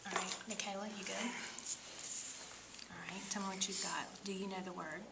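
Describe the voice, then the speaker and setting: A woman teaching phonics one-on-one, patiently sounding out syllables and often dropping to a soft whisper. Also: medium pitch, steady tone, moderate pace, vocal fry, heavy background noise. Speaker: reading teacher.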